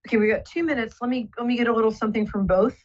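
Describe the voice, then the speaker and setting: A woman's voice: on the high side, steady tone, rapid-fire, darkish tone, muffled recording. A woman hosting a live psychic call-in show, talking soothingly and rambling with many fillers. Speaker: psychic radio host.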